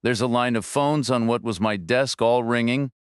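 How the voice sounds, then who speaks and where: A man's voice: mid-range voice, normal speed, smooth, no room sound, clean studio sound, natural voice. A man voicing a furious middle-aged finance director who screams, pants and sneers sarcastically, in a storybook reading. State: out of breath.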